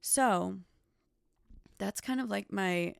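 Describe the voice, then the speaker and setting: A woman's voice: mid-range voice, takes it slowly, creaky, smooth, no room sound, studio quality. A woman hosting her own podcast, talking candidly and emphatically, swearing often and filling with "like" and "okay.". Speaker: podcast host. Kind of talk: candid solo podcast chat.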